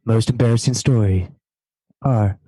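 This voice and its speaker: A man's voice: fairly low pitch, a little slow, warm tone, a little hiss or hum. A man co-hosting a podcast in casual chat, joking while announcing award nominees. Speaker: podcast co-host.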